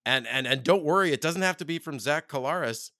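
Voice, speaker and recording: A Canadian man co-hosting a casual sports chat show, animated and quick to laugh as he talks football. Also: a little high, dry recording, studio quality. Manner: excitable, animated, laughs often. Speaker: podcast co-host.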